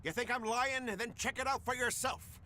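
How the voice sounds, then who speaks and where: An actor playing a gruff, boisterous male fisherman telling a tall tale in a game. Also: very high voice, fairly even intonation, normal speed, bright, forceful tone, a little hiss or hum, exaggerated voice. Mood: boastful. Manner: boisterous storytelling. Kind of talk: game voice acting.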